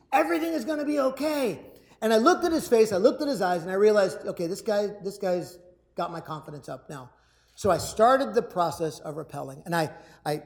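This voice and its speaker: A man giving a motivational talk to a live audience. He tells a personal story with energy, acts out shouted lines and often repeats his words. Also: high voice. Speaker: public speaker.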